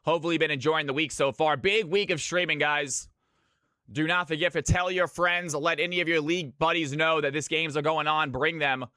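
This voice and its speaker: Male esports shoutcaster and stream host, upbeat announcer energy, bright higher voice, dry close sound. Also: fairly even intonation, brisk, clear, resonant tone, no echo. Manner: hype announcer, greets chat viewers by name. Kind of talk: live esports commentary.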